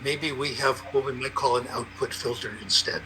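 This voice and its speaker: An older man on a panel explaining research in a lively, anecdotal storytelling way. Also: mid-range voice, normal speed, slight background noise, poor audio. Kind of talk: conversational explanation.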